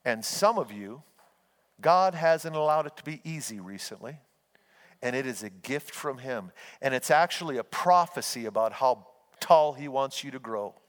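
A man's voice: medium pitch, lively intonation, moderate pace. A man preaching a sermon as pastor, telling homespun stories and urging his listeners on. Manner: folksy storytelling, earnest and exhorting. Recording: long hall reverb.

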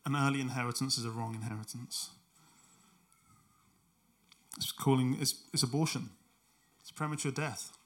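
A man preaching a sermon, moving from quiet storytelling to loud, emphatic exhortation. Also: mid-range voice, steady tone, normal speed, pauses often.

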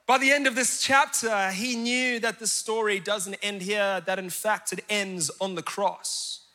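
A man preaching a sermon as a pastor, swinging between fervent shouts and hushed, confessional speech. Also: sits high, fairly even intonation, a little slow. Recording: church hall with long reverb.

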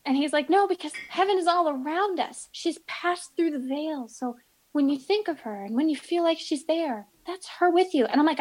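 A woman telling stories in casual podcast chat, animated and acting out the people in them. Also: high-pitched, moderate pace, low-quality recording.

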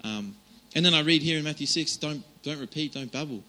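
A man's voice: a little high, fairly quick, pushed and bright, poor audio. A man giving an informal, chatty sermon, with many fillers and restarts. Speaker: preacher.

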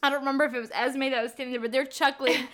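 A woman's voice: high voice, steady tone, very fast, a bit bright. A young woman co-hosting a casual chat, retelling a story with lots of laughter and "like" fillers. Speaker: podcast co-host recapping a novel.

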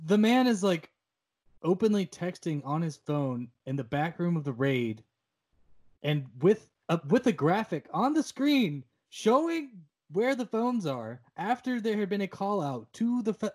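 Wry, slightly high-voiced man podcasting. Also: sing-song, moderate pace, a little mellow. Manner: wry, profane, mock-formal announcements. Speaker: podcast co-host. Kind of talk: casual film discussion.

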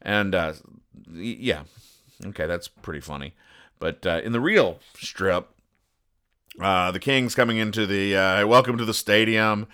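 A man hosting a comedy show, reading comic strips aloud and explaining the jokes in a wry, deadpan way. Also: low-pitched, a little slow, pauses often, clear, resonant tone. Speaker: host.

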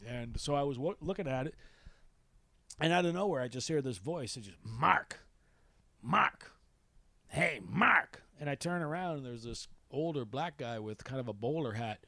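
Man, middle pitch, rambling storyteller, casual chat, dry close sound. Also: lively intonation, fairly quick, a little mellow, no room sound. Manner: rambling, conversational, many restarts.

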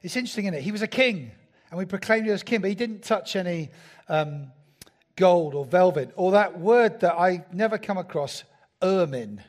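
A man's voice: sits high, expressive, moderate pace. A man preaching a sermon in a church, talking conversationally and asking the congregation rhetorical questions. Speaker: pastor.

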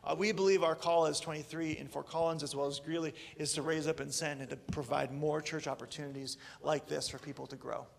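Casual male pastor, thirties, gravelly, loose and joking sermon delivery. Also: fairly high pitch, fairly even intonation, fairly quick, hardly any pauses, a little hiss or hum.

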